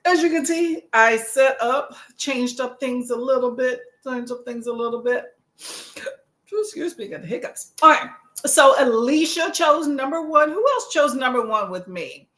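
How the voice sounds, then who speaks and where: Bubbly high-voiced woman streamer. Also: a bit bright, echoey room. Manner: bubbly, repeats phrases, laughs often. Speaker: booktube livestream host. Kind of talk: casual livestream chat.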